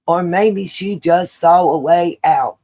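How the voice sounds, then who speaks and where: A woman's voice: lowish voice, slow, mellow. A woman hosting her own channel, giving opinion commentary straight to her viewers, emphatic and repeating her points for weight. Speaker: channel host.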